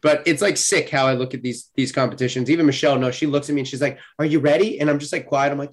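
A man guest talks about competition with blunt intensity and a lot of swearing. His voice sits a little higher than most men's, and he tells his stories with a steady drive. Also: quick pace, few pauses. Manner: intense, profane, storytelling. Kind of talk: casual chat.

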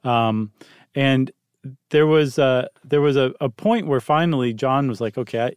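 A man's voice: mid-range voice, unhurried, clean tone, dry recording. A man co-hosting a podcast, talking casually through history with many ums and dry jokes. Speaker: podcast co-host.

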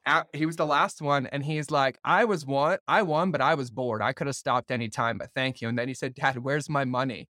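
A man hosting a podcast, telling stories in an animated way and swearing freely in casual conversation. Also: mid-range voice, a little fast, hardly any pauses, no echo, studio quality. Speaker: podcast host.

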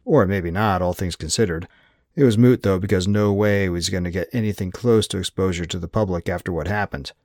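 A male audiobook narrator with a low voice tells the story in a wry, measured way. The recording is dry and close, with no room sound at all. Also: darkish tone, no room sound. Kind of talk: scripted first-person narration.

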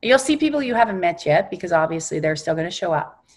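A woman reverend, a guest on an interview show, telling a spiritual guided exercise with emphatic, animated storytelling. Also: on the low side, quick pace.

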